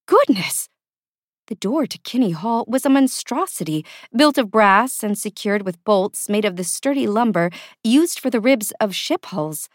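Narrating scripted fantasy fiction, a woman with a mid-range voice brings an expressive storytelling style at moderate speed. The sound is clean studio audio with no room tone.

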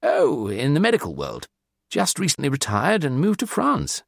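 Audiobook casting: a man doing a high, breezy English stranger in his fifties, chummy and ingratiating, in dry close sound. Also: wildly swooping pitch, normal speed, gravelly, no room sound, exaggerated voice. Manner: jolly, ingratiating upper-crust phrasing.

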